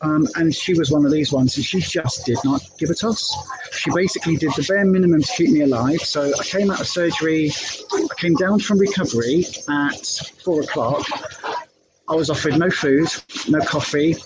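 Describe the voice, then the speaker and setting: A middle-aged woman, casually telling a candid story live from her hospital bed, halting often with fillers and restarts. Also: sits low, noisy background. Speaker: health vlogger.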